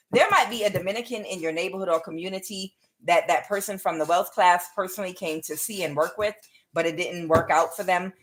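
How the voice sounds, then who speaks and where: A woman's voice: mid-range voice, fairly bright tone, slight background noise. A middle-aged woman giving a casual tarot reading. She is chatty, laughs often and calls her viewers y'all. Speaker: tarot reader.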